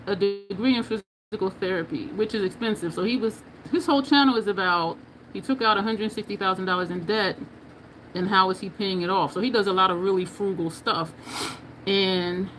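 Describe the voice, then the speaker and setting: A woman's voice: medium pitch, slight background noise. A woman from New Jersey with a New Jersey and New York accent, chatting casually with viewers while doing her makeup on a livestream and laughing often.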